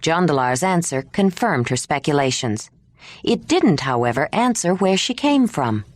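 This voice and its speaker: A woman narrating an audiobook in an expressive reading style. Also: low-pitched, normal speed, dry recording, clean studio sound. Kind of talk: scripted narration.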